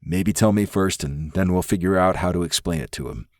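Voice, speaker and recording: A man voicing a calm, protective male friend from a mob family, who asks steady, probing questions. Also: low-pitched, brisk, no echo, studio quality, lightly acted. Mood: concerned.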